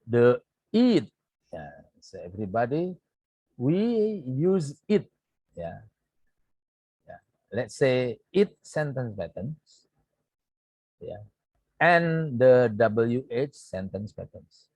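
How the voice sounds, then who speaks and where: Slow, husky Indonesian-accented male teacher. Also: mid-range voice, big pitch swings, no room sound, poor audio. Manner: repetitive, says "yeah" often, slow deliberate explaining. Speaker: English teacher. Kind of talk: recorded online grammar lesson.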